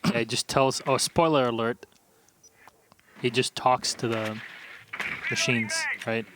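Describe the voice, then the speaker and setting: A man casting an esports match who jokes with his partner and surges into fast, excited play-by-play calls. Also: medium pitch, background noise. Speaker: esports caster. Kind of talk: play-by-play commentary.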